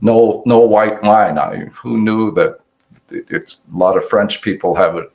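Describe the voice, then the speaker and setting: An older man delivers an academic lecture in a low, gravelly voice. He speaks slowly and reflectively, pausing and restarting as he works through his slides. His tone stays unhurried throughout. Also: dull audio. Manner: halting, reflective, many restarts. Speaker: hepatologist giving award lecture.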